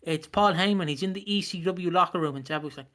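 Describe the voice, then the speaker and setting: A man's voice: high voice, fast talker. A man co-hosting a casual wrestling podcast, retelling matches and acting out the people in them, with plenty of swearing. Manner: animated retelling with acted-out voices, sweary. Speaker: podcast co-host. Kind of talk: casual wrestling review chat.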